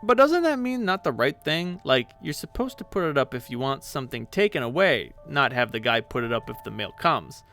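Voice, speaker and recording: A man's voice: mid-range voice, big pitch swings, brisk, few pauses, fairly bright tone, soft background music. A man voicing a tipsy, teasing teenage girl in a read-aloud webcomic. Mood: drawling. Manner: drawling, teasing.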